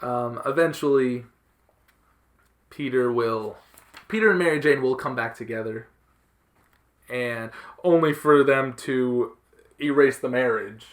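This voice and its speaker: A man's voice: medium pitch, unhurried, long pauses. A young man hosting a casual comic book podcast, retelling a story in a loose, rambling way with plenty of fillers. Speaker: podcast host. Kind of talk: casual chat.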